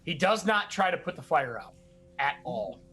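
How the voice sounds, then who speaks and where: A man running a tabletop game as game master, animated and quick to laugh. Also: a little high, breathy edge.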